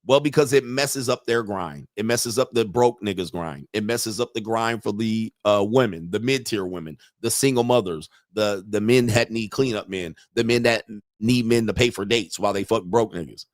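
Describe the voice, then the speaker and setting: A man's voice: fairly low pitch, moderate pace, no echo, studio quality. A man hosting a podcast from his computer, talking in a casual, rambling, profane way and laughing often. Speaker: podcast host. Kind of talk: casual live-streamed commentary. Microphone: computer mic and webcam.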